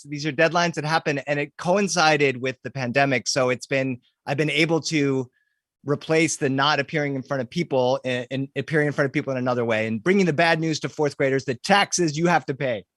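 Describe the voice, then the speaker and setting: A man telling funny stories from his career, animated and quick to laugh. His voice sits a little high, and the recording is dry and close with no room sound. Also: no room sound. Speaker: storyteller. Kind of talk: casual interview chat.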